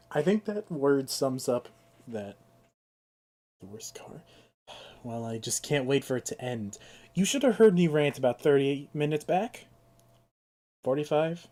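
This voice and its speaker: A man's voice: medium pitch, animated, takes it slowly, long pauses, warm tone. Exasperated young man with a sore throat. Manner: ranting, exasperated, swears freely. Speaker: streamer. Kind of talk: casual live-stream gameplay commentary.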